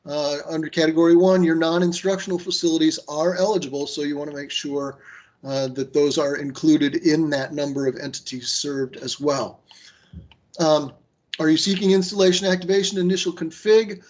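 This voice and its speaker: A man's voice: on the high side, fairly even intonation, moderate pace, a little mellow. A man leading an online training session on a video call, speaking conversationally with many fillers and restarts and giving firm recommendations. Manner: gives firm advice.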